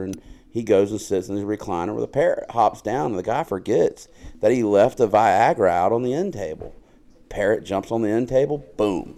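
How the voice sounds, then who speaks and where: A man with a fairly low voice chats on a casual podcast. He jokes crudely, laughs easily and tells stories in loose banter. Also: a little mellow. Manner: joking, crude, laughs often. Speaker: podcast co-host.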